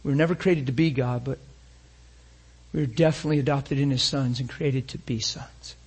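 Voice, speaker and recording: This intense sermon comes from a man with a medium-pitched, slightly rough voice who talks fairly quickly with fairly even intonation. He moves from loud, emphatic statements to soft near-whispers and questions his listeners rhetorically.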